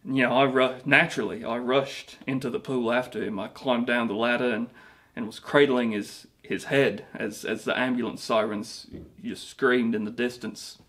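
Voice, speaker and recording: A man's voice: medium pitch, fairly even intonation, moderate pace, fairly bright tone, natural voice. A man plays a washed-up British rock singer, vain and sorry for himself. He rambles through his mockumentary interview, restarting his sentences as he boasts. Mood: rambling.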